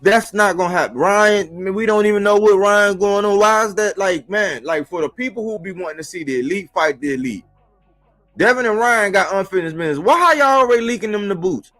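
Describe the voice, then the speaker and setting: A man giving a casual, slangy boxing commentary monologue for a live stream, animated and rhetorical, repeating his points. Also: sits high, a little fast, soft background music. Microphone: live-stream mic.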